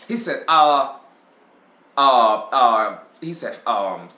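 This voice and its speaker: Animated, bright-voiced man telling a story. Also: mid-range voice, takes it slowly, echoey room. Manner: animated, acts out both sides of a shop argument; swears freely and laughs often. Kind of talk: casual storytelling chat.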